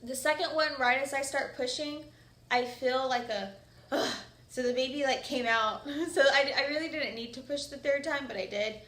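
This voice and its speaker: A woman's voice: high-pitched, moderate pace, fairly bright tone. A young woman vlogger casually telling a personal story, chatty and full of "like" fillers. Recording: echoey room.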